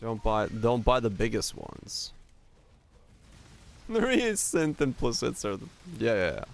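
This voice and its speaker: Gravelly, smooth-voiced male streamer. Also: mid-range voice, wildly swooping pitch, unhurried. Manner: rambling, answers chat questions, thinks aloud. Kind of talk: casual gameplay chat with chat.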